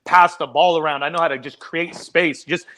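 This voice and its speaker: Guest, male, from the US, rambling and cocky, slightly high voice. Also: fairly even intonation, moderate pace, pushed and bright. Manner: rambling, profane, boastful. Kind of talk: casual chat.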